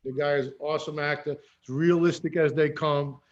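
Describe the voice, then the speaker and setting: Relaxed man, slightly high voice. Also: moderate pace, muffled recording, a little hiss or hum. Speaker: actor guest. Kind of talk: casual chat.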